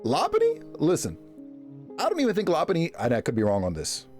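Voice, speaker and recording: A man streaming live, chatting casually with his viewers and reacting to them in a jokey, animated way. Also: quick pace, soft background music. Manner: animated, jokey, reacting to chat with big pitch jumps and laughs.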